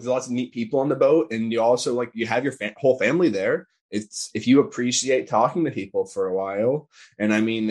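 A young man talking casually as a podcast guest, quick and chatty, with lots of "like" fillers. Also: lowish voice, slightly rough. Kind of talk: casual conversation.

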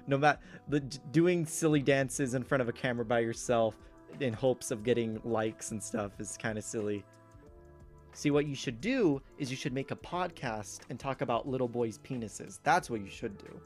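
A man's voice: medium pitch, normal speed, faint music behind. Rambling, laughing man on a podcast. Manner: rambling, laughs often, restarts sentences. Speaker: podcast co-host. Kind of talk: casual chat recapping a movie.

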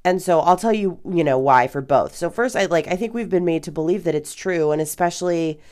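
A woman in her thirties with a notably low voice talks straight to her podcast listeners. She is chatty and candid, with loose fillers and casual swearing. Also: brisk, a little mellow. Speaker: podcast host. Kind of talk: casual advice podcast monologue.

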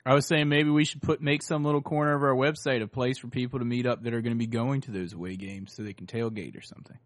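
A man co-hosting a podcast in casual chat. He jokes around and loses his train of thought, and his voice is hoarse. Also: mid-range voice, steady tone, fast, no echo. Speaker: podcast co-host.

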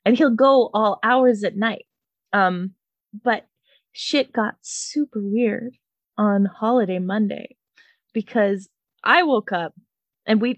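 A young woman from Canada telling a comedic story, animated and profane, often laughing. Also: mid-range voice, no echo.

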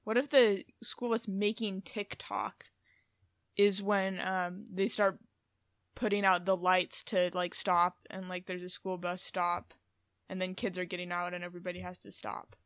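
A woman's voice: on the low side, flat delivery, a little slow, a bit bright, no echo, studio quality. A woman in casual chat with a wry, matter-of-fact manner.

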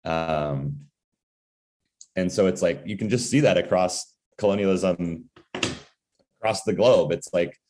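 A man's voice: low-pitched, measured pace, pauses often, dark tone, slight background noise. A man talking casually as a guest, profane and full of filler words. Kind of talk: casual conversation.

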